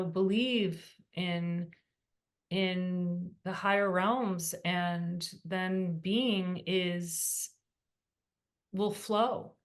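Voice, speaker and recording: Slow-spoken woman from Texas. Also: lowish voice. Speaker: guest healer and yoga teacher. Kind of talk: casual interview answers.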